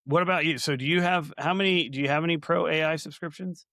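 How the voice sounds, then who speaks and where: A man's voice: on the high side, steady tone, quick pace, pushed and bright, dry recording, studio quality. A man co-hosting a casual podcast, chatty and anecdotal, building vivid comparisons as he talks. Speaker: podcast co-host.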